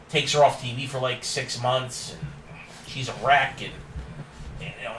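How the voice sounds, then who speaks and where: A man's voice: mid-range voice, fairly bright tone, roomy sound, distant mic, slight background noise, rough recording. A man hosting a casual wrestling recap, opinionated and ranting with frequent laughs. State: yawning and tired.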